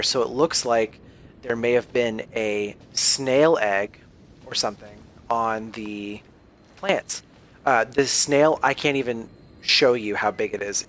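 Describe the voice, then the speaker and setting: A man's voice: medium pitch, slight background noise. A young man, chatting casually to viewers while playing a game. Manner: chatty, excitable, talks to viewers as y'all. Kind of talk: casual gameplay commentary.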